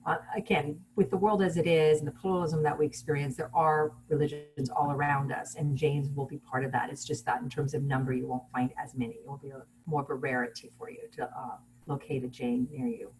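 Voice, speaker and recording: A woman giving a relaxed online lecture over a video call, explaining things plainly with fillers and restarts. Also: sits low, fairly quick, a little hiss or hum, rough recording. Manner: casual teaching with fillers and restarts.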